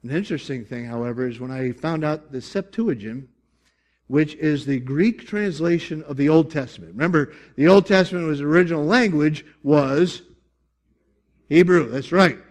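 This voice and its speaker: A man preaching a sermon to his congregation, animated, with emphatic bursts and jokey asides. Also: fairly high pitch, moderate pace. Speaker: pastor.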